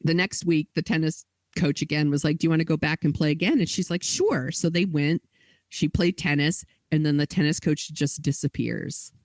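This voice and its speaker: A woman's voice: low-pitched, steady tone, a little fast, darkish tone, no room sound. A woman co-hosting a podcast, telling a story in casual chat with lots of "like" and quoted dialogue. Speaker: podcast co-host.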